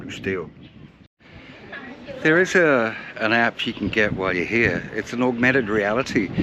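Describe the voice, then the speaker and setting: A travel vlogger speaks to the camera outdoors on location, narrating his trip in a chatty, self-mocking way. His voice is fairly low, and the outdoor recording has loud background noise.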